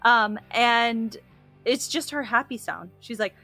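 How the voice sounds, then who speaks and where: A woman co-hosting a casual podcast, chatty and quick to laugh. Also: on the high side, bright, forceful tone, soft background music. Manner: giggly, chatty, laughs often. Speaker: podcast co-host. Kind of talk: casual chat.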